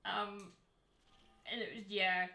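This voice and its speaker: A woman's voice: mid-range voice, fairly even intonation, slow, creaky, sharp tone, soft background music. A woman streamer chatting casually and candidly to her viewers, heated at times and swearing freely. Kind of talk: casual livestream chat. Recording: roomy echo.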